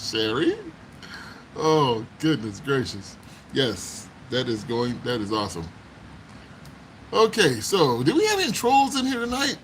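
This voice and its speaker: Man, livestream host, slow unhurried talk, laughs a lot, chatty exclamations, faint background hiss. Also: mid-range voice, sing-song, fairly bright tone, poor audio. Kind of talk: casual live chat. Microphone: phone.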